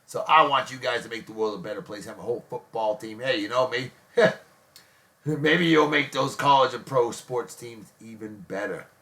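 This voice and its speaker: A man's voice: mid-range voice, normal speed, vocal fry, pushed and bright. Effusive jokey man hosting a show. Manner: effusive and jokey, gushing praise for friends. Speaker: host of a daily beer and music show. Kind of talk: casual chat with shout-outs.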